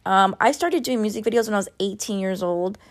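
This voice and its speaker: A woman's voice: mid-range voice, brisk. A woman in her mid-thirties chatting casually to her viewers at home, ranting and swearing freely. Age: 30s. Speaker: vlogger. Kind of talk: casual chat to camera. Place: at home, kitchen sounds.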